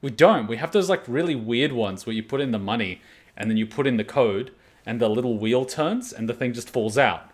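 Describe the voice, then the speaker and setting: A man from Australia, hosting an anime reaction video and chatting casually with jokey, animated storytelling. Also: mid-range voice, a little fast. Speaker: anime reaction channel host.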